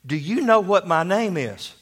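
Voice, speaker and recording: A man's voice: fairly high pitch, normal speed, slightly rough. A man voicing a sly, confident young student in a story told during a sermon. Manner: calm, mocking.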